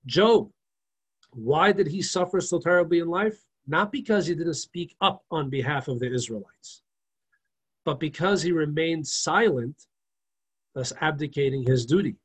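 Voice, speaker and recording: A man's voice: a little high, breathy edge. A man teaching a Torah lecture in an emphatic, moralizing way, pressing his points home through repetition. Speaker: religious teacher.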